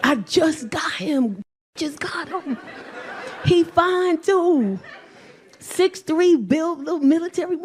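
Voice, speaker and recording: High, lively woman doing stand-up. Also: slow pace, reverberant, distant mic. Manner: animated, profane, acts out voices in quotes. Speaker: stand-up comedian. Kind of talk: stand-up comedy storytelling. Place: comedy club stage with live audience. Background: audience laughter.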